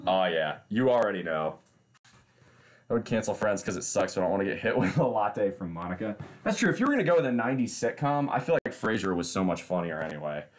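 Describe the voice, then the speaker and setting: A man's voice: lowish voice, sing-song, quick pace. A man, chatting casually and joking with viewers on a livestream. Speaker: livestream fitness host.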